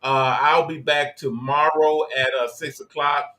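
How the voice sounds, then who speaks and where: A middle-aged man hosts his own livestream and coaches his viewers in a preachy, emphatic way. His voice sits fairly high for a man, and he swings between loud bursts and low asides. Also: steady tone, a little slow, low-quality recording. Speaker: livestream host and business coach. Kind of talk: motivational livestream talk.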